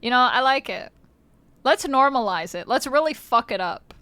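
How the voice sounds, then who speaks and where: A woman's voice: sits high, expressive, moderate pace, pushed and bright, no room sound. A woman streamer in casual livestream chat, playful, swearing freely and laughing often, on a close mic.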